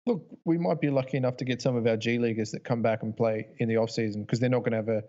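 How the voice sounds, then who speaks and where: A man's voice: medium pitch, fairly even intonation, quick pace, mellow. Australian man on a dull lo-fi mic. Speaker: podcast co-host. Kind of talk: casual chat.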